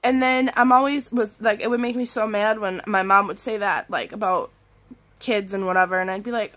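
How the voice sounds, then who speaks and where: A woman vlogging from bed while sick with strep throat, telling an animated story full of "like" fillers and acted-out quotes. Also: medium pitch, normal speed. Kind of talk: casual storytime rant. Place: in bed at home.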